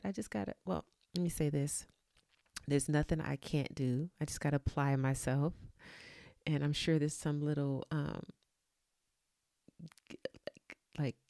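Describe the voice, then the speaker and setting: A woman's voice: low-pitched, warm tone, no room sound, studio quality. A woman talking at home, giving a motivational gratitude talk, repeating affirmations with chatty asides. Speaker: vlogger. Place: room at home.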